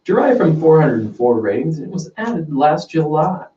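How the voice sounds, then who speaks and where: A man's voice: on the high side, very animated, moderate pace, mellow. A wry man co-hosts a casual beer-tasting chat, joking between sips and reading out stats. The room is echoey and he sits far from the mic. The recording sounds dull. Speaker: podcast co-host.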